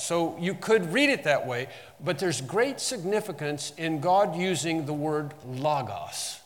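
A man teaching through a sermon, with a voice that sits a little high for a man. He stresses the verses he quotes and often restarts his phrases. His voice carries a long reverb, as in a large hall. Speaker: Bible teacher.

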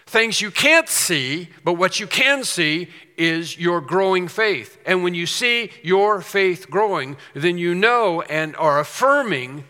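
Bright-voiced preacher in a reverberant hall. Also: male voice, on the high side. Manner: earnest preaching with rising emphasis and storytelling asides. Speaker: pastor. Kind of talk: sermon.

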